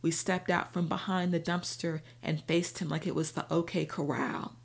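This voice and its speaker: A woman narrating a first-person audiobook in a steady, even storytelling manner. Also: on the low side, moderate pace, creaky.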